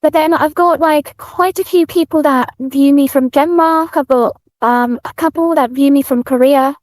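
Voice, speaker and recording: A woman from the UK with a British accent, chatting as a guest in an interview, soft-spoken with many fillers and restarts. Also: high-pitched, normal speed, no room sound. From United Kingdom. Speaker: guest streamer. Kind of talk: casual interview chat.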